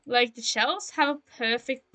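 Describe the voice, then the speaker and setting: Bright, high German woman streaming games. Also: normal speed, poor audio. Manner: rambling, self-mocking, talks to chat. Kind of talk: casual live-stream chat while gaming. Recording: streaming mic with faint game music behind.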